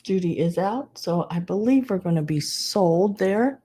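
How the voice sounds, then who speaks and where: A woman's voice: lowish voice, animated, a little slow, dark tone, breathy edge. A woman running a live online sale, chatting casually and calling to bidders by name. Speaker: live auction seller.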